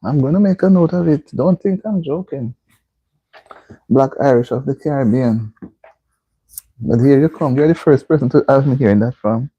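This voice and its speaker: A man's voice: mid-range voice, moderate pace, long pauses, breathy edge, no echo, lo-fi sound. A man hosting a casual live stream, reading viewer comments aloud and repeatedly asking people to like the stream. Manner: reads viewer comments aloud and keeps urging likes.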